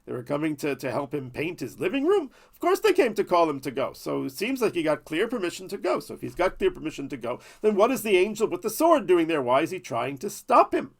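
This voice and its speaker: A man's voice: on the high side, wildly swooping pitch, fast, creaky, hardly any pauses. A man telling a Bible story as a lesson, with playful, jokey asides. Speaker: Torah teacher.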